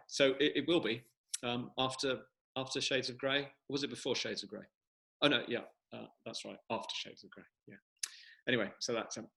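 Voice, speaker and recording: A man speaks over a video call with a bright, forceful tone. His talk is casual and rambling, full of restarts, as he tells jokes at his own book launch. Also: mid-range voice, vocal fry, low-quality recording. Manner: chatty, rambling joke-teller. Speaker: author.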